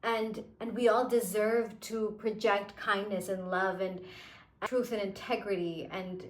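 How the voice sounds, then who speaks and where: A woman's voice: medium pitch, steady tone, measured pace. Earnest young woman in an echoey room. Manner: earnest and emphatic, heavy use of "like" and "you know". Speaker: manifestation coach. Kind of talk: casual motivational monologue.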